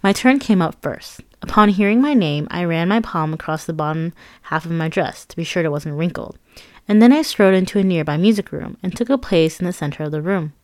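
A woman's voice: lowish voice, lively intonation, fairly quick, darkish tone, no echo. A woman narrating her own memoir with a candid, wry, conversational manner.

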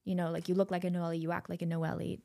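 A woman's voice: lowish voice, little pitch movement, rapid-fire, vocal fry, warm tone. A woman from Germany, hosting a casual podcast chat and telling stories in an encouraging way. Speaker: podcast host. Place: recording studio.

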